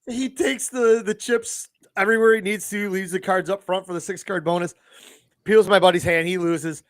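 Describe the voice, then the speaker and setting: A man co-hosting a podcast, loud and brash, swearing and laughing through crude casual banter. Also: high voice, steady tone, moderate pace, dry recording. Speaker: podcast co-host.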